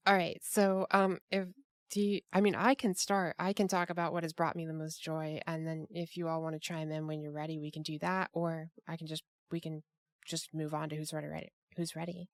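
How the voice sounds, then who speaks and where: A woman hosting a casual group chat over a call, rambling with many restarts and fillers. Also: fairly low pitch. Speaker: podcast host.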